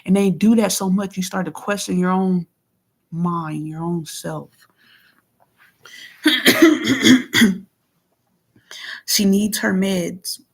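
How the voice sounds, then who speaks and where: A woman venting in a casual monologue into her phone, blunt and heavily profane, moving between heated outbursts and low murmurs. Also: slow, vocal fry, pauses often, breathy edge. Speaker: vlogger.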